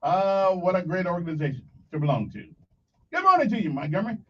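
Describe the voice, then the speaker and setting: A man hosts a morning radio show in a high, lively voice. He jokes and talks straight to his listeners. The sound is dull and lo-fi, as if from a little way off the mic. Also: quick pace, breathy edge, far from the mic.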